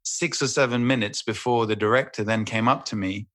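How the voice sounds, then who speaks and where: A man, an actor guest, chatting casually in a podcast interview, telling animated stories and swearing freely. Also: fairly low pitch, a little fast.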